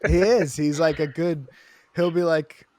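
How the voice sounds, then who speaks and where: A man's voice: a little high, fairly even intonation, unhurried, warm tone. A man in his thirties co-hosting a casual comedy podcast, laughing often and mixing mock-formal bits into loose chat. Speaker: podcast co-host.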